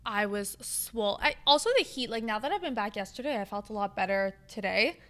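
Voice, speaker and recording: A woman's voice: medium pitch, fairly quick, bright, forceful tone. A young woman co-hosting a podcast in a casual, upbeat chat, with a lot of "like". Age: young adult. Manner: upbeat, chatty, frequent "like". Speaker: podcast co-host.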